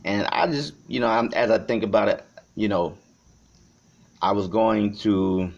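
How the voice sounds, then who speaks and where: A man from Chicago talking to the camera in an unscripted vlog. He rambles and swears, swinging between shouting and quiet reflection. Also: on the low side, a little slow. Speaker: vlogger. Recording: dull lo-fi recording.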